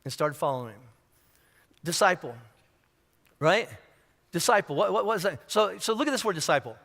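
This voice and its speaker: A man preaching in a big echoey church hall. His voice sits high and sounds bright and forceful. He talks loosely and jokes, slipping into quick voices for the people in his stories. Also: expressive, creaky. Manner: conversational and humorous, acting out little scenes. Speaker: pastor. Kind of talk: sermon.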